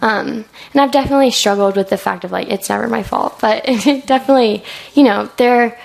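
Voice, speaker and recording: A young woman, a student, answers questions about her senior thesis in a school room before an audience. Her voice is a little high and a little fast with vocal fry, and she's chatty and hesitant, full of likes and ums, often acting out the lines she'd say.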